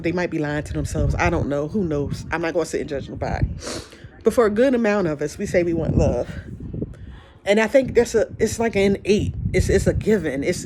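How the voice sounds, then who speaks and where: A podcast host talks straight to listeners in a loose, heartfelt encouraging monologue, circling back and repeating lines as thoughts come. The voice sits at a middle pitch. Steady noise runs under the recording. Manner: heartfelt, rambling, repeats phrases, says y'all.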